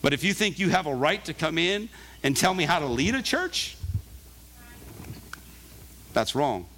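A man's voice: mid-range voice, a bit bright, a little hiss or hum. Earnest male pastor preaching. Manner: earnest, conversational, emphatic. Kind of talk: sermon.

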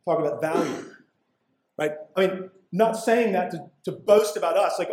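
Preaching an expository sermon, a high-voiced pastor sounds expressive with a somewhat dark tone. He keeps it conversational, slipping into casual asides and pausing for emphasis, while the spacious sanctuary echoes around him.

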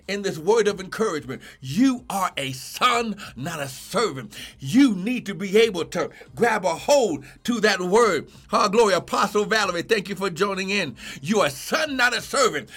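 A man preaching a fervent livestreamed sermon as a pastor, often shouting and repeating an exclamation of praise. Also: high voice.

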